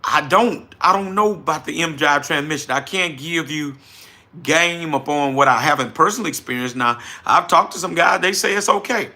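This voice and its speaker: A middle-aged man with a New Orleans accent hosting a casual livestream, folksy and animated as he answers viewers directly. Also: a little high, moderate pace. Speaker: livestream host, trucking business owner.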